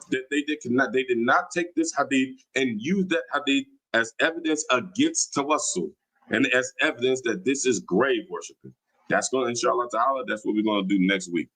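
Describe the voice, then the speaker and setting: A mid-pitched man hosts a religious livestream. He argues insistently, throws out challenges and restarts phrases as he reads viewer comments aloud. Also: a bit bright, breathy edge, low-quality recording. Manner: argumentative, challenging, repeats himself. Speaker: livestream host.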